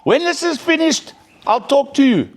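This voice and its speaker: A man voicing an irritated mother who is glued to a TV show, speaking in a high, snappish voice. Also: sing-song, normal speed. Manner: snappish, dismissive.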